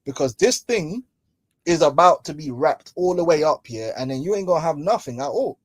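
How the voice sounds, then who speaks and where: A man's voice: on the high side, animated, moderate pace, dry recording. Slangy, preachy man with a dry sound. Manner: slangy, mocking, preachy, laughs often. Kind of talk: casual religious commentary. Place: London.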